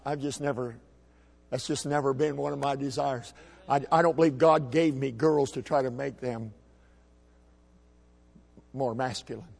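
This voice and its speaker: A middle-aged man preaching a sermon as a pastor, folksy and emphatic, with shouted peaks. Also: medium pitch, gravelly, in a large hall. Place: church sanctuary.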